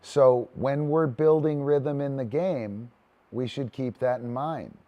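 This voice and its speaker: A man's voice: medium pitch, slow pace, muffled recording. A man teaching a casual online disc dog training session, talky and loose, breaking into cheery cues to his dog.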